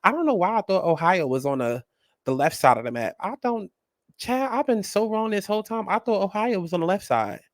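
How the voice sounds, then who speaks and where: A man hosting a casual commentary vlog, talking in a sassy, animated and blunt way and swearing freely. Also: high voice, fairly quick, dry recording, clean studio sound. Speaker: host.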